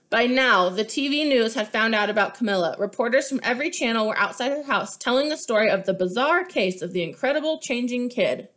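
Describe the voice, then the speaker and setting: A woman's voice: on the high side, moderate pace. Woman reading a picture book aloud. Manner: expressive and clear, showing pages. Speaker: storyteller.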